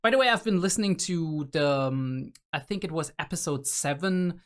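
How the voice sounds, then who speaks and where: A man's voice: a little high, expressive, normal speed. A young adult man hosting a reaction video, musing aloud in a casual, rambling way with many fillers and restarts.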